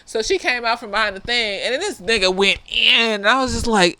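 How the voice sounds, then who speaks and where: A slightly tipsy woman, a therapist, giving a casual film review in an animated way, laughing often and swearing freely. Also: a little high, brisk, few pauses, clean tone, no room sound.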